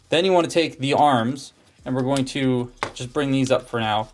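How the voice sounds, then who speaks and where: A man at an ordinary middle pitch reviews a toy in an offhand, chatty way. He narrates each step as he handles it and pokes fun at himself along the way. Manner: chatty, self-deprecating, talks through hands-on steps. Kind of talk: casual toy review and transformation walkthrough.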